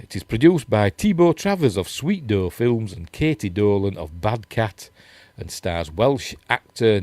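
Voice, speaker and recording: A man's voice: on the low side, darkish tone, dry recording. Rambling, chatty Yorkshire man, dry close mic. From Yorkshire, England. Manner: rambling, chatty, self-deprecating, reads quotes and chat comments. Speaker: host. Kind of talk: casual news chat reading articles aloud.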